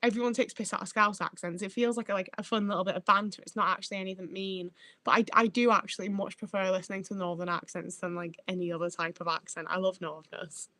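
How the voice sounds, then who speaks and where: A woman chats casually to her livestream audience, sweary and meandering, often stopping to find her words. Her voice sits at an ordinary middle pitch, and the sound is close and dry with no room echo. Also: fairly even intonation, quick pace, pushed and bright. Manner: rambling, sweary, self-interrupting. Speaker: livestream host. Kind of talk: casual live-chat rambling.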